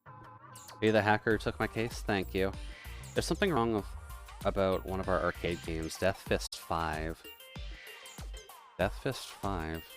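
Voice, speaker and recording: A man reading the lines of a worried male arcade manager in a video game, pleading for help in a low voice. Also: steady tone, unhurried, pauses often, soft background music.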